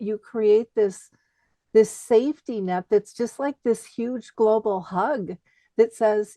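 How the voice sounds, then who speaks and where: A woman hosts a conversational interview in an animated, expressive way and laughs easily as she talks. Her voice sits in a middle pitch and is recorded dry and close, with no room sound. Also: no echo. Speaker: podcast host.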